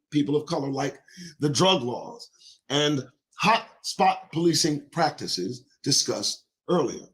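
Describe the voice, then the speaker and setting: A man's voice: on the high side, a bit bright. A middle-aged man reading a report aloud and breaking off into fiery commentary, repeating key lines and firing pointed questions at his listeners.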